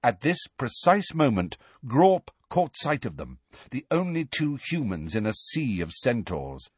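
A man's voice: mid-range voice, huge pitch swings, unhurried, slightly rough, dry recording. A man narrating an audiobook with a dramatic, varied storytelling delivery.

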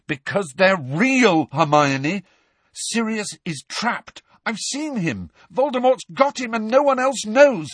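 Brief: man voicing an angry, forceful teenage boy, high and lively, husky edge. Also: a little fast, few pauses, no room sound, full character voice. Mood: furious. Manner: shouting, forceful.

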